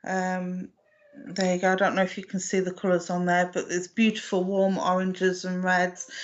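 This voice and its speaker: A woman, working as a medium in a live online reading, speaking gently and affectionately with many hesitations and restarts. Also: fairly low pitch, lo-fi sound. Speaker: psychic medium.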